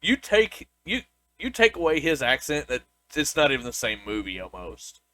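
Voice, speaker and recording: A man's voice: fairly high pitch, wildly swooping pitch, normal speed, bright, forceful tone, no room sound. A young man co-hosting a podcast, chatting loosely, laughing and often restarting his sentences. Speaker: podcast co-host. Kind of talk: casual chat.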